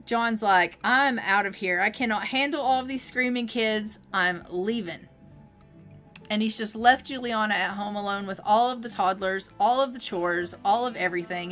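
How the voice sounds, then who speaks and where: Bright-voiced woman streaming a game. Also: on the high side. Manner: chatty, many fillers, quick asides. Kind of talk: casual let's-play commentary.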